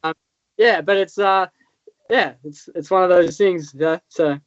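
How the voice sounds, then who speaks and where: Man, Australian accent, high voice, rambling fillers, dull lo-fi recording. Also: measured pace, crowd noise. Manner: rambling, many fillers and restarts. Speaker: guest, freestyle motocross rider. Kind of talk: casual interview chat. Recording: dull, lo-fi sound.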